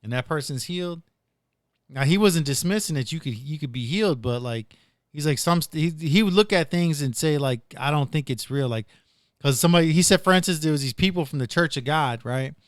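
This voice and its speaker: A man's voice: on the high side, animated, a little fast, no room sound, studio quality. A man hosting a casual podcast, rambling through retold stories with plenty of "dude" and "like". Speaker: podcast host.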